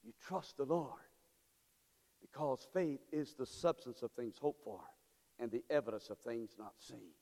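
A male pastor preaching a sermon, calling out to the congregation and swinging from hushed tones to shouts. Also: mid-range voice, expressive, unhurried. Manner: call-and-response preaching, swings from quiet to shouting. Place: church sanctuary. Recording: long reverb from a church hall.

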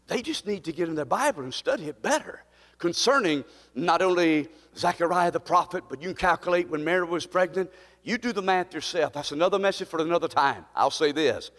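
A man preaching a sermon, his delivery rising from quiet storytelling to fervent, near-shouted peaks. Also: on the high side, lively intonation, a little fast. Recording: long hall reverb.

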